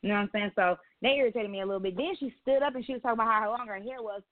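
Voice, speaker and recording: Over a tinny phone line, a female podcast co-host chats casually, spinning stories in a blunt, foul-mouthed, easygoing way. Her voice sits on the high side and races along, with no room sound.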